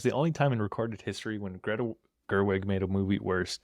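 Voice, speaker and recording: Laid-back young man, lowish dry voice. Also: a little mellow, no echo. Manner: laid-back, hesitant, halting phrasing. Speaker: podcast co-host. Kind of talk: casual chat.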